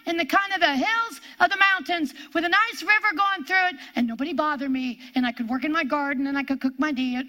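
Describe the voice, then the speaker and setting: A woman's voice: high voice, bright, forceful tone. A woman preaching a sermon, emphatic, repeating key phrases and drawing out her stresses.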